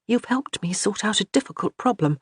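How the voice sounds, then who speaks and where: A man reading as a troubled young noblewoman who asks soft, earnest questions. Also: high-pitched, animated, brisk, husky, no room sound, clean studio sound, voice pushed up, exaggerated voice.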